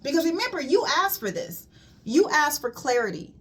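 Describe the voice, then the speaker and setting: A woman's voice: high voice, big pitch swings, normal speed. A woman colon hydrotherapist giving a casual spiritual wellness talk, emphatic and repetitive, calling listeners "queen.".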